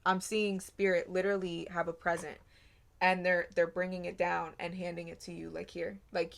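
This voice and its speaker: A woman's voice: fairly low pitch, little pitch movement, moderate pace, creaky, a bit bright. A woman giving a casual tarot reading, earnest and rambling, with many fillers. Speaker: tarot reader.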